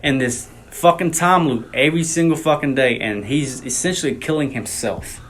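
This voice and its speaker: A man in loose conversation about a film, chiming in with blunt, profane remarks. His voice is at an ordinary pitch for a man, and his manner is relaxed. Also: moderate pace. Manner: blunt, profane, jumps in to add details. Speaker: movie review co-host. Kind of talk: casual chat.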